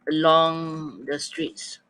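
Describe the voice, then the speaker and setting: A man's voice: a little high, level tone, very slow, sharp tone, a little hiss or hum, rough recording. Man coaxing an online writing class. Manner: coaxing, thinking aloud, repeating students' answers. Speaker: teacher.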